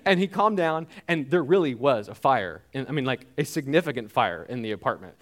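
A man preaching a sermon in a conversational, animated way, with frequent filler words. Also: mid-range voice, a little fast, few pauses. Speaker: pastor.

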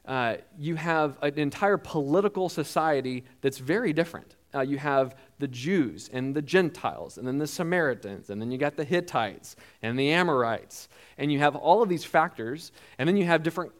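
A man preaching a sermon, telling a personal story in a halting way with frequent restarts and acting out quoted lines. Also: a little high. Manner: animated storyteller who acts out quoted lines.

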